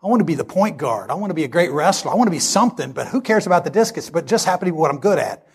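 Gravelly-voiced man in his sixties preaching. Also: on the high side, racing. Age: 60s. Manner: storytelling, animated, acts out dialogue. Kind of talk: sermon with personal story.

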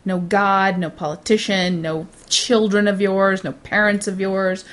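A woman's voice: mid-range voice, level tone, a little slow. A young woman co-hosting a podcast, ranting bluntly in casual chat and laughing often. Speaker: podcast co-host.

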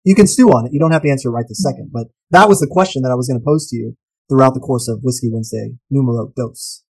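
A man co-hosting a casual podcast, talking animatedly and posing rhetorical questions with sudden jumps in pitch. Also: fast, gravelly, darkish tone, breathy edge, low-quality recording. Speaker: podcast co-host.

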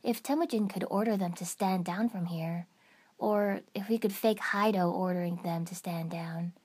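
A woman reads a first-person fan fiction story aloud in an even, steady storytelling manner. Her voice is low and husky, with a breathy edge. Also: normal speed. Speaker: narrator. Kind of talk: fan fiction audiobook reading.

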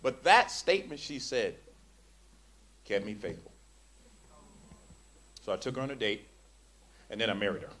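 A man preaching a sermon in a church, swinging from hushed tones to loud emphasis and stumbling over restarts when excited. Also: lowish voice, normal speed, long pauses, background noise.

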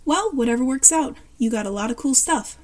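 A polite, easily impressed new-kid boy from a read-aloud story, voiced by a woman. He speaks high and friendly, with a mellow, darker tone. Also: expressive, a little fast.

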